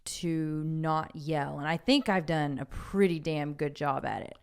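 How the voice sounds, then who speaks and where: A woman's voice: low voice, a little slow, vocal fry, smooth. A woman co-hosting a podcast, chatting frankly and casually about her own habits. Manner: frank and talkative, calls herself loud. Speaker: podcast co-host. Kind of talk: casual chat.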